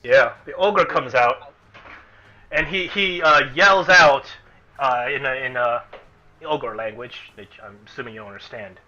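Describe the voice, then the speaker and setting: A man narrating as game master of a tabletop game, animated and breaking into chants and shouts. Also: mid-range voice, unhurried. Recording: dull lo-fi recording with music.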